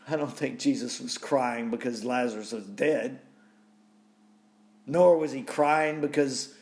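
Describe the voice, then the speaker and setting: A man's voice: mid-range voice, a little mellow. A man preaching a sermon, reading scripture aloud and reflecting on it with repeated rhetorical questions.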